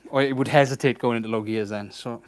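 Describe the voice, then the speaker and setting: A man's voice: mid-range voice, steady tone, fast, clear, resonant tone. A man giving casual commentary while he works on a car in a garage, muttering to himself with a wry, sarcastic tone. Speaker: home mechanic vlogger.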